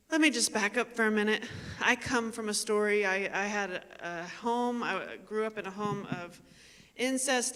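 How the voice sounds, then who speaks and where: A woman tells a personal story from a stage, teasing herself and calling out to the listeners. Her voice is bright and sharp. It rings out into the long reverb of a large performing hall. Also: a little high. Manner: animated and self-mocking, addresses the audience directly. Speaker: invited speaker. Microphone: stage microphone.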